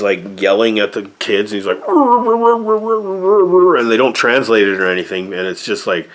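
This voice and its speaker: Lower-voiced man rambling a sarcastic movie review. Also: fairly bright tone.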